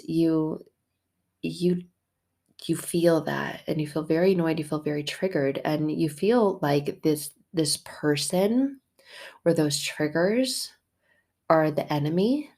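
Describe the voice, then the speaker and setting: A woman recovery coach talking candidly in a faith-based vlog, expressive and emphatic, moving from soft reflection to heated outbursts. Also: lowish voice. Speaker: emotional abuse recovery coach.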